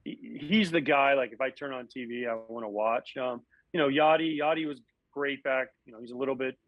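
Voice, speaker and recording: A man, a former baseball catcher and broadcast analyst, telling animated stories from his playing days in a casual interview, often acting out what people said. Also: mid-range voice, brisk, dry recording, dull audio. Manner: animated, acts out quotes.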